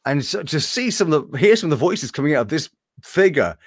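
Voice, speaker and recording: A man's voice: a little high, fairly quick, no room sound, clean studio sound. A man who works as a voice actor, talking casually in an interview in a room hung with animation art. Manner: animated, slips between impressions.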